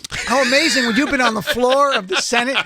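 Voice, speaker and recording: A male host interviews a guest in a studio and keeps asking eager follow-up questions. His voice sits very high for a man and sounds bright and forward. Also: quick pace.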